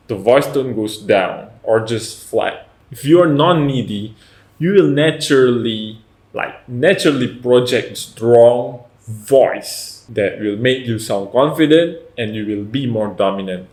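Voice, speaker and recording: A man's voice: lowish voice, a little slow, darkish tone. A man hosting a self-help video, giving earnest direct-to-camera advice and often checking in with "right?" and "you know". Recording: echoey room.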